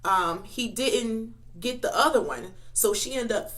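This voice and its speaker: A woman's voice: a little high, unhurried, a bit bright. A woman vlogger telling a long story in a casual, rambling way, with many fillers and restarts, while eating between sentences. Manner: talks between bites of food. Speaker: mukbang vlogger.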